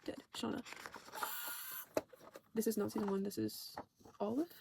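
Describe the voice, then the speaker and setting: A woman's voice: mid-range voice, fairly even intonation, a little slow, gravelly, background noise. A woman casually recapping a TV show for her channel, rambling, swearing and saying "like" constantly while she corrects herself.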